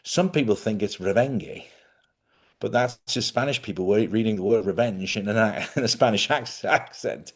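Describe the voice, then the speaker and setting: A man hosting a spiritual live stream, chatty and animated, often laughing as he talks. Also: fairly low pitch, normal speed. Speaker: spiritual host.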